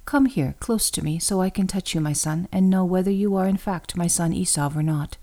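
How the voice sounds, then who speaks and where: Woman reader doing an old blind father, solemn and measured, low warm voice. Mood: questioning.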